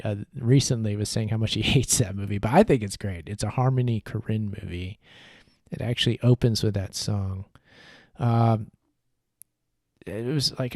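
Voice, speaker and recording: A man hosting a podcast livestream in a relaxed, rambling way with many fillers. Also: lowish voice, dry recording, studio quality. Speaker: podcast host. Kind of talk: casual livestream chat.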